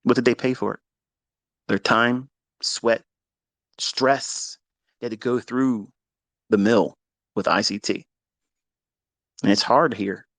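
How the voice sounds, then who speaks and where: A man's voice: medium pitch, fairly even intonation, slow pace, long pauses, fairly bright tone, dry recording. A man coaching traders in a blunt, profane motivational monologue. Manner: profane, emphatic, preachy. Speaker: trading coach.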